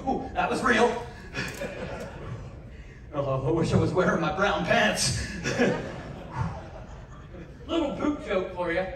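A man's voice: sits high, expressive, slow, pauses often. A man doing comedy patter from a stage, joking with the crowd and urging it to cheer. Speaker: variety performer. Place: large cruise ship theater. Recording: echoey theater filmed from far off. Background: audience noise.

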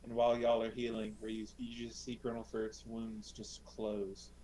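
A man playing a tabletop game in casual chat, blunt and quick to swear. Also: on the low side, completely flat delivery, dark tone, a little hiss or hum, poor audio.

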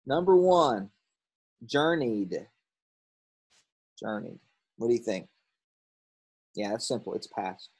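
A male teacher walks through a grammar lesson in a casual, explanatory voice. His tone is a little husky, and he pauses on frequent ums and catches his own slips. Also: medium pitch, sing-song, a little mellow, poor audio. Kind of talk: recorded classroom lesson.

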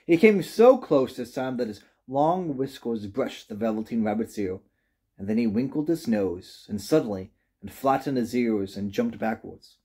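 A man reading a children's storybook aloud with gentle, expressive narration. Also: medium pitch, moderate pace, slightly rough. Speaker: reader.

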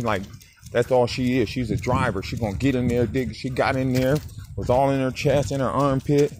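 A man in his forties telling a story in a casual vlog, animated and swearing as he talks straight to the viewer. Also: medium pitch, background noise. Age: 40s. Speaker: dog breeder. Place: outdoors walking a dog.

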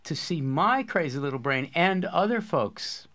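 A man's voice: on the high side, animated, unhurried, a bit bright. A man hosting a poetry course discussion, explaining ideas with eager enthusiasm in a casual academic way.

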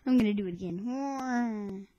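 Slow, playful woman whispering to a webcam. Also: medium pitch, mellow, dry recording, lo-fi sound. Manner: playful, rambling, often drops to a whisper. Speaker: webcam show host. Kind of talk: casual webcam chatter.

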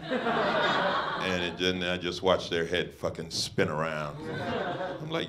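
A man's voice: deep voice, sing-song, a little slow, long pauses, noisy background. A man doing a stand-up comedy set at a small beach house venue, mocking and profane, riffing with the crowd. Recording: live crowd audible. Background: audience laughter.

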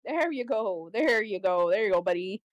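A woman's voice: medium pitch, expressive, normal speed, no echo, rough recording. A young woman streamer chatting casually while gaming, laughing and swearing often.

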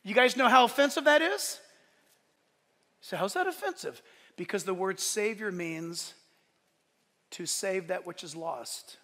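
A man preaching a sermon to his church, animated and swinging from loud declarations to soft, joking asides. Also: high voice, unhurried, pauses often, long reverb tail. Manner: playful, joking asides to the congregation. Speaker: pastor. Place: church service.

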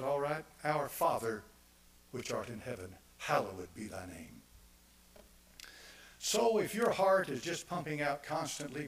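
A male pastor preaching a sermon, repeating phrases for emphasis and swinging from quiet asides to loud, emphatic declarations. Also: medium pitch, low-quality recording.

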